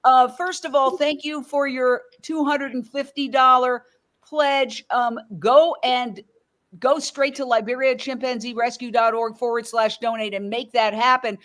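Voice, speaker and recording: A woman's voice: high voice, fairly even intonation, a little slow, a bit bright. A middle-aged woman hosting a live fundraising stream, effusive and openly emotional as she thanks donors. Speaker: host.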